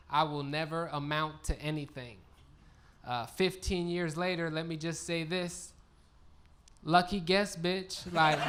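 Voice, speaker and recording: A man's voice: fairly high pitch, bright, forceful tone. A man doing a crude, punchy stand-up comedy set on a live stage. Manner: punchy, crude, laid-back delivery. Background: audience laughter.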